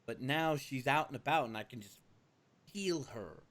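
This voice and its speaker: A man's voice: mid-range voice, expressive, normal speed, a bit bright. A man playing a tabletop role-play game, talking in a casual, profane way. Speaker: player.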